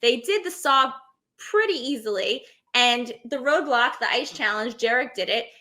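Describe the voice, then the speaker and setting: A woman's voice: fairly high pitch, expressive, normal speed, bright, forceful tone. A woman guest on a podcast, telling stories fluently and confidently in casual conversation. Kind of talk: casual chat.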